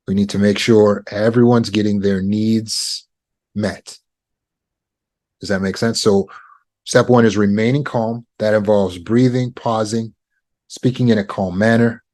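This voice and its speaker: Teaching negotiation skills as a trauma recovery coach, a man with a fairly low-pitched voice speaks in a calm, measured way. He pauses deliberately.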